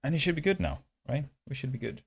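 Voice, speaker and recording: A man's voice: mid-range voice, expressive, quick pace, husky, no echo. A man hosting a coding livestream, chatting casually and reading chat while his build runs, at times holding the mic close in a mock ASMR voice. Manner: chatty and self-mocking, reads chat aloud. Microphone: handheld mic held close.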